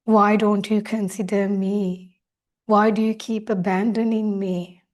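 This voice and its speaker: A woman's voice: medium pitch, level tone, unhurried, darkish tone, lightly acted. A woman speaking as her listener's hurt, neglected inner child, asking one reproachful question after another. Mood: pleading.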